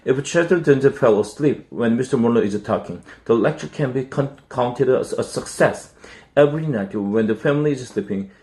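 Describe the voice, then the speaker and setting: A man's voice: mid-range voice, normal speed, a little mellow. A man from Korea, reading an English children's book aloud as practice, with careful phrasing and small restarts. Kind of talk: storybook read-aloud practice.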